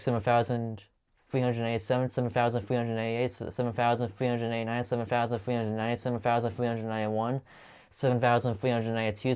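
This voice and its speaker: A man's voice: medium pitch, clean tone. A man counting aloud at length, stumbling and restarting often as he goes. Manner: rapid steady counting with frequent stumbles and restarts. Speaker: channel host counting aloud. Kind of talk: long monotone counting video.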